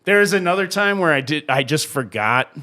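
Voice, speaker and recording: A man on a casual podcast, telling stories with lots of swearing and laughs. His voice is bright and forward and sits a little high for a man. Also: fairly quick. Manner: animated, profane, laughs while telling stories. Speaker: podcast co-host and comedy show host. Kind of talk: casual storytelling chat.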